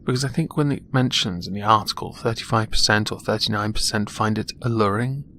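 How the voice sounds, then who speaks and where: A man's voice: fairly low pitch, brisk, a bit bright, a little hiss or hum. A young man with an English accent giving dry, mocking vlog commentary as a YouTube host. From England. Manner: dry, mocking, self-deprecating.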